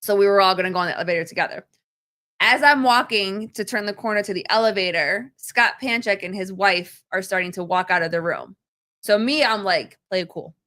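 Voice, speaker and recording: Female podcast co-host, bright and forceful tone, lively storyteller. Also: mid-range voice, brisk. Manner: lively storyteller acting out quotes. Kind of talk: casual storytelling chat.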